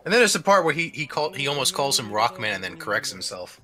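A man with a very bright, sharp tone, talking in loose, rambling casual chat. He circles back on himself and leans on "like" as he goes. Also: mid-range voice, very animated, fast talker. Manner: rambling, many restarts and "like". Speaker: let's play commentator.

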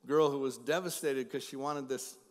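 A middle-aged man preaches, at times rising to loud emphasis, then dropping into hushed personal stories. His pitch sits in an ordinary middle range. The sound carries a long reverb from the sanctuary. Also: steady tone, moderate pace. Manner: swings from loud emphatic preaching to quiet storytelling. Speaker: pastor. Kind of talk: sermon. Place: church sanctuary.

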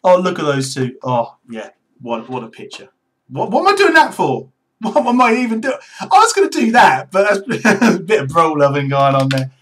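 Excitable British man, lively pitch. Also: moderate pace. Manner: excitable, exclamatory, chuckling. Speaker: video chat host. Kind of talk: casual video chat.

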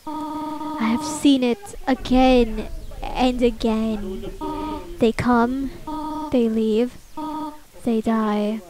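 A woman voicing a motherly female goat monster, stern and protective, reading her lines slowly and solemnly. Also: fairly high pitch, steady tone, crowd noise, voice pushed down. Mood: grave. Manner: slow, measured, solemn delivery. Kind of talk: reading game dialogue aloud. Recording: game music in background. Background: video game music.

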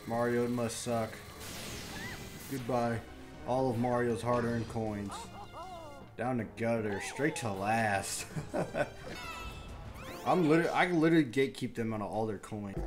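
A young man giving crude live commentary on a party video game, muttering complaints under his breath, then yelling and trash-talking the computer players. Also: mid-range voice, a little slow, pauses often, over music. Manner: crude trash talk, swinging from mumbled grumbling to yelling. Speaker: gaming YouTuber.

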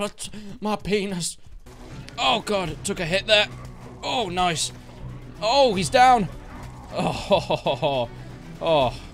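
Male gamer, young, animated and jokey, pitch darting up, light music under. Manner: excitable, jokey, yelps and laughs at the action. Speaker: gaming YouTuber. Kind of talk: live gameplay commentary.

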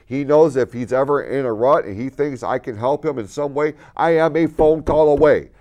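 A man's voice: medium pitch, moderate pace, darkish tone. A man hosting a local TV talk show, giving an earnest motivational talk in the studio that builds to emphatic points.

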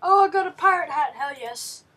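A woman playing through a game, excitable and reading the game's text aloud with quick reactions. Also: high voice, far from the mic, slight background noise. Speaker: let's play gamer. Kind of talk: casual game commentary.

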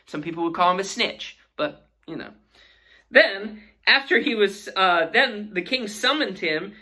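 A woman's voice: on the low side, pushed and bright. A woman teaching a Sunday school Bible lesson in an earnest way, asking her listeners questions.

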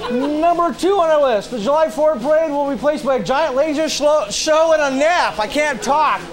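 A man with a strikingly high voice hosts a local TV show. He reads a jokey countdown list and introduces a guest comedian with upbeat patter. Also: normal speed, a crowd in the background, low-quality recording. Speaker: show host. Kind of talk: local TV host reading a top-eleven list.

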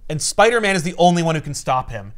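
A man co-hosting a casual podcast, retelling a comic with animated acted-out lines. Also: a little high, fast talker. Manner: animated storyteller, acts out lines. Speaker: podcast co-host.

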